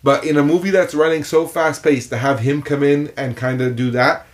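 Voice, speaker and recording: A man co-hosting a podcast in casual film chat, animated and rambling in long run-on opinions. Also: on the high side, moderate pace. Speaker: podcast co-host.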